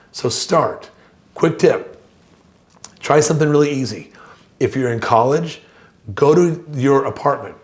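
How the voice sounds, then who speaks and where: A middle-aged man presenting a course lesson, telling a personal story with lively acted-out dialogue. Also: medium pitch. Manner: animated storyteller, acts out dialogue.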